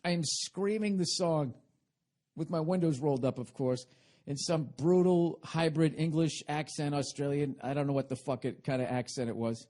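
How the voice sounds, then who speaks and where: A middle-aged man hosting a comedic podcast monologue, ranting profanely and swinging between loud and quiet. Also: fairly high pitch, normal speed. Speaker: podcast host.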